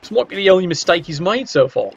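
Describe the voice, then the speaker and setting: A man commentates on a video game match in a relaxed, chatty way, teasing the players as he goes. His voice sits fairly high, and the recording sounds dull and lo-fi. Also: fast talker, creaky, husky.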